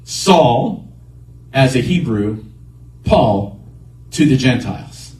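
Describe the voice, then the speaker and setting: A man's voice: mid-range voice, expressive, takes it slowly, a little mellow. Earnest preacher man in an echoey room. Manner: earnest, emphatic preaching with repeated phrases. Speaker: pastor. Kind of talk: sermon. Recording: echoey room picked up from a distance.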